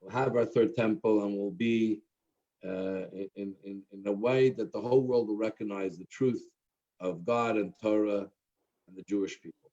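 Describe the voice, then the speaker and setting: An earnest rabbi closes an evening talk with a halting, filler-filled telling of a story. His voice is dark and mellow. The recording sounds dull and muffled. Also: lowish voice, fairly even intonation. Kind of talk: closing remarks and a told joke at a talk.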